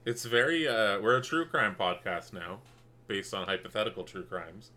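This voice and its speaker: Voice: sits low, moderate pace, sharp tone. A podcast co-host chatting casually in amused banter. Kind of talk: casual chat.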